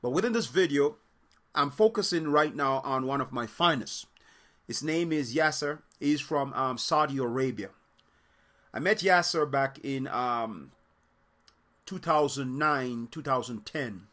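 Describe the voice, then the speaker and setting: A man who hosts a soccer channel and tells an animated, rambling story to camera with many fillers and acted-out quotes. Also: medium pitch, unhurried. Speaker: soccer coach and channel host.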